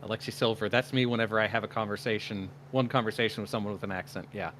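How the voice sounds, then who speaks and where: A man from Indiana co-hosting a podcast, speaking in a measured, halting, thoughtful way. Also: fairly low pitch, fairly even intonation, fairly bright tone. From Indiana, US Midwest. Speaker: podcast co-host. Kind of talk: casual chat.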